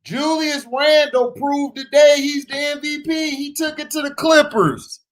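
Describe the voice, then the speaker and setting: A man hosting a casual sports livestream, breaking into loud shout-outs to his chat viewers. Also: extremely high pitch, fairly even intonation, unhurried. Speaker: sports talk livestream host.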